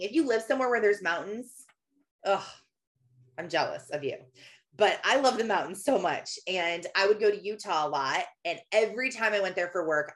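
A woman's voice: lowish voice, fairly bright tone. A woman in her thirties giving a personal faith talk, telling stories in a chatty way with many fillers. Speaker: Christian speaker.

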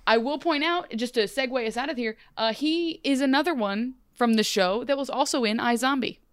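A young woman co-hosting a podcast in casual chat, talking in animated, quick run-on restarts. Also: a little high, smooth, no echo, clean studio sound. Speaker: podcast co-host.

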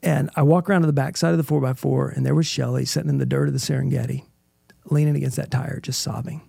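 A man's voice: mid-range voice, fairly even intonation, fast talker, creaky, dark tone, husky, no echo, clean studio sound. A middle-aged man, a guest in an interview, telling an emotional personal story in an earnest way and often checking in with "right?".

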